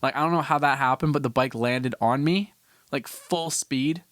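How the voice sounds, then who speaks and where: A man's voice: medium pitch, normal speed, fairly bright tone, no echo, studio quality. A young man from Canada hosting a podcast, telling a story in a loose, rambling way with lots of restarts and casual swearing. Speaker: podcast host.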